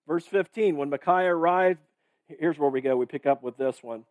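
A man's voice: a little high, moderate pace, darkish tone, dry recording. A man preaching a sermon as a pastor, reading verses and commenting in a casual, conversational way with many fillers. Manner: casual, conversational, reads verses and checks in with "right?" and "okay?"; filler-heavy with restarts.

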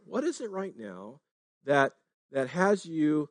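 Guy preaching, chatty, keeps asking right?, bit higher voice, dry close sound. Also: very animated, slow, no room sound. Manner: conversational preaching, frequent "right?" tags. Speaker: pastor. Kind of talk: sermon.

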